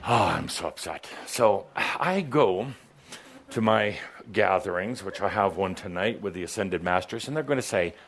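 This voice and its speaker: Playful, lively man addressing an audience. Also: deep voice, normal speed. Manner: playful, joking and dramatic, with many asides. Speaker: spiritual teacher channeling to a live audience. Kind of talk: theatrical live talk to an audience.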